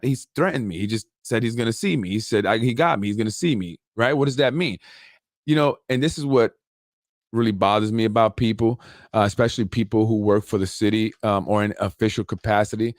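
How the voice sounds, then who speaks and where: A man hosting a talk show, telling a story in a casual, animated way with street slang and repeated points. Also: on the low side, a little fast, dry recording, clean studio sound. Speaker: show host.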